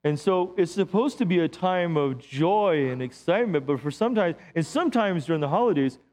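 A middle-aged man, a pastor, preaching a sermon in a church with lively, joking storytelling. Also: fairly high pitch.

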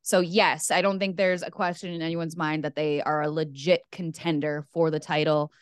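A woman's voice: deep voice, level tone, normal speed, clean tone, no echo, studio quality. A woman co-hosting a podcast, talking sports in an easygoing, agreeable, analytical way. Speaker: podcast co-host. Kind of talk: casual sports chat.

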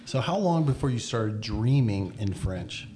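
A man's voice: lowish voice, lively intonation, measured pace, warm tone, soft background music. A man co-hosting a podcast, chatting playfully and teasing the guest. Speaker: podcast co-host. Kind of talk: casual chat.

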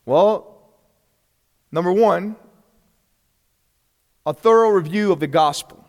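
A man's voice: sits high, slow pace, in a large hall. A man teaching a church class in a casual, earnest way, asking rhetorical questions and chuckling between points.

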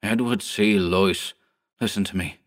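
A man voicing a panicked middle-aged male TV shop owner who pleads and shouts frantically in a storybook reading. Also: low-pitched, steady tone, unhurried. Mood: shaken, pleading.

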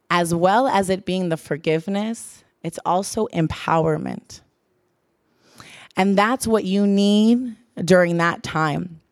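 A woman's voice: mid-range voice, no echo, studio quality. A young adult woman giving an earnest sermon, repeating phrases for emphasis. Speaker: church speaker.

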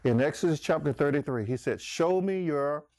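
Man, pastor, sermon, emphatic, animated pitch, dry close sound. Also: moderate pace, no echo. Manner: emphatic, addresses listeners by name.

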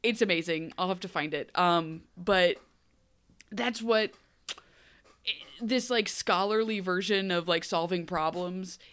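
A woman co-hosting a podcast, chatting casually about a TV show, laughing often and acting out characters in quick asides. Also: lowish voice, a bit bright, clear, resonant tone. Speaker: podcast co-host. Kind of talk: casual chat recapping a TV show.

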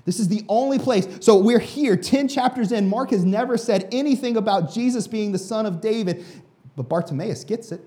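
A man's voice: high voice, moderate pace, mellow. A male pastor giving a sermon in a casual, conversational way with many fillers.

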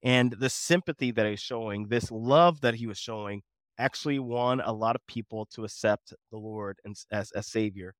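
A man's voice: lowish voice, moderate pace, no room sound, studio quality. A man co-hosting a Bible lesson discussion, talking in an earnest, emphatic, preacherly way. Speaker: co-host of a Bible study show.

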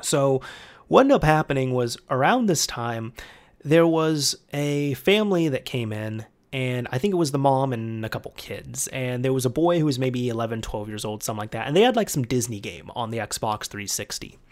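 A man's voice: mid-range voice, expressive, moderate pace. A young man telling a casual, rambling story in a conversational storytime monologue. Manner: rambling, conversational with fillers and restarts.

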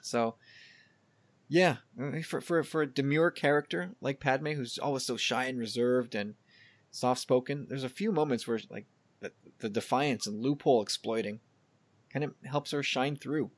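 A man hosting a podcast in casual chat, animated and quick, often restarting his sentences. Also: medium pitch. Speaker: podcast host.

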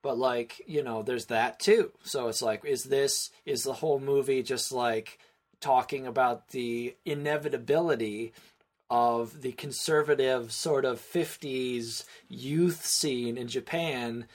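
A man's voice: medium pitch, steady tone, unhurried. A man co-hosting a casual film podcast, rambling through his thoughts with many restarts and fillers. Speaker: podcast co-host.

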